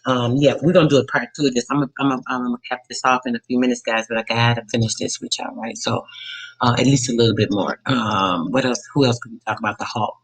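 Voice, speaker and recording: A man's voice: medium pitch, steady tone, fast talker, a bit bright, breathy edge, poor audio. Talkative man hosting a live stream. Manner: loose, talkative, fillers and self-corrections. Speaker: radio show host. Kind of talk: casual live-stream talk.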